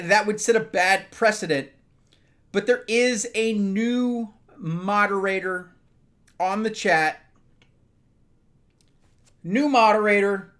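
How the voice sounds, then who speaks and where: A man hosting a relaxed live stream from his home setup. He rambles and starts over, addressing his chat directly. He is a little loose from sipping bourbon. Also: sits high. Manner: rambling, talks to chat by name, tipsy from bourbon.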